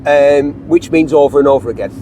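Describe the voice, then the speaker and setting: A man's voice: a little high, background noise. A man with a Lancashire accent hosting a car show, chatting and joking in a moving car. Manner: jokey, rambling, quick to laugh. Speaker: host. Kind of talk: casual banter in a car.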